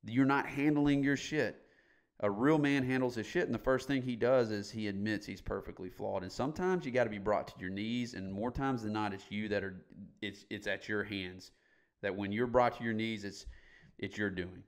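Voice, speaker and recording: A man's voice: on the low side, normal speed. A middle-aged man as a podcast guest, candidly telling his story in a blunt, emphatic way and swearing casually.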